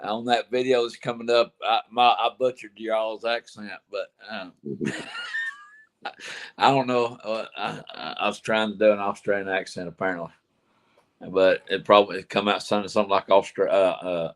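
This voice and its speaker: A man's voice: fairly low pitch, fairly even intonation, normal speed, a bit bright. A man hosting a casual group livestream, joking and rambling, laughing at his own jokes. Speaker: livestream host, motorcycle vlogger. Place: outdoors at night, windy.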